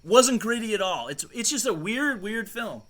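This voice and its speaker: A man's voice: high voice, big pitch swings, normal speed, a bit bright. A man co-hosting a podcast, chatting casually and rambling with lots of swearing and laughter. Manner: rambling, profane, laughs often. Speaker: podcast co-host. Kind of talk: casual chat.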